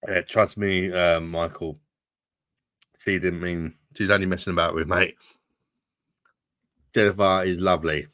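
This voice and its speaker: Very deep-voiced bloke chatting. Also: male voice, steady tone, a little slow, pauses often, fairly bright tone, dry recording, clean studio sound. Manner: chatty, swears freely, calls viewers mate. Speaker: livestream host reading chat. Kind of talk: casual live chat.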